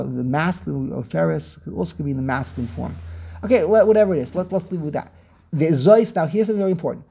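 A man teaching a text class over a video call, weaving Hebrew terms into English, pausing and repeating words as he searches, and posing questions he then answers. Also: on the high side, vocal fry, dark tone, husky. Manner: asks and answers his own questions. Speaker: Torah teacher.

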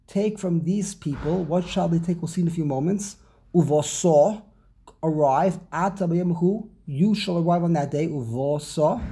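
A man teaching an informal Torah class, explaining slowly and often repeating and restarting his words. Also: a little high, dark tone, husky.

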